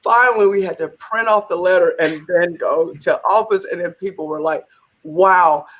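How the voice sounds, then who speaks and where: Husky-voiced woman telling a lively story. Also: on the low side, brisk. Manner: animated, acts out quotes in the telling. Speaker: business leader, interview guest. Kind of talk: conversational interview storytelling.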